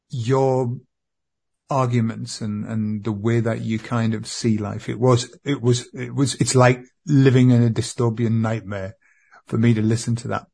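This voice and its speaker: A man in a therapy session, speaking earnestly to an empty chair with halting, repeated phrases. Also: medium pitch, vocal fry, darkish tone, breathy edge. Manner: earnest, repetitive, halting with restarts. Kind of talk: emotional spoken address to an empty chair.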